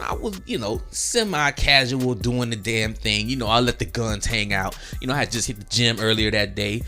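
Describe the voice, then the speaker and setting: A man's voice: mid-range voice, sharp tone. A young man telling a slangy story casually and acting out quotes. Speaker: gaming storyteller. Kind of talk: casual storytelling over gameplay.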